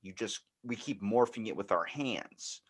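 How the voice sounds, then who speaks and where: Blunt swearing podcast host. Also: male voice, lowish voice, animated, measured pace, slightly rough. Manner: blunt, swears freely, acts out quoted exchanges. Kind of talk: casual chat.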